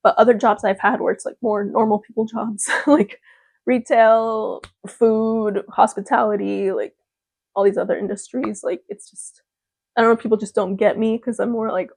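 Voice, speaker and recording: A woman's voice: a little high, vocal fry, darkish tone, no room sound. A young woman vlogging in a casual chat to camera, talking freely and laughing often. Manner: chatty, laughs often, mimics gushing voices.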